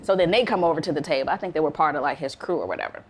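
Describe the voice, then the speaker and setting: This Chicago wine consultant's voice sits low and husky, and she races through her stories in a casual vlog. Animated throughout, she imitates the voices of those she quotes.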